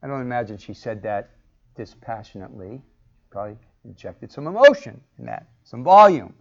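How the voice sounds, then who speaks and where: A man's voice: mid-range voice, big pitch swings, fairly quick, creaky. A man teaching a Bible class, asking the group questions and acting out the lines he quotes. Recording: muffled lo-fi recording.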